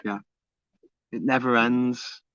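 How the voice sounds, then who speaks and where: A man chats casually as a livestream co-host, telling rambling stories with plenty of restarts and offhand swearing. His voice is of middle pitch and sounds dry and close. The stream audio is dull and lo-fi. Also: steady tone, slow, a bit bright, clean tone, no echo. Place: home on an island.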